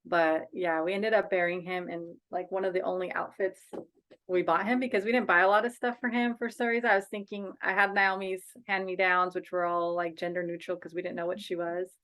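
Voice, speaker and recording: A woman's voice: fairly low pitch, little pitch movement, fairly quick, fairly bright tone. A woman speaking as a guest in a casual interview over a video call, earnest and outspoken, a bereaved mother and advocate.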